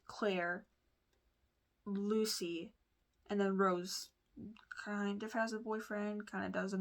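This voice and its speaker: A woman vlogger telling a personal story in a casual, rambling way, full of fillers, restarts and asides. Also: mid-range voice. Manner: chatty, confiding.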